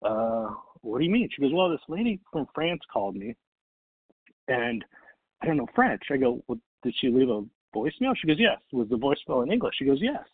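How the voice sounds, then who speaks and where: A man's voice: medium pitch, sing-song, a little fast, husky, no echo. A middle-aged man telling a motivational business story, acting out both sides of the phone calls. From Texas. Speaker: network marketing speaker. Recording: tinny phone-like audio.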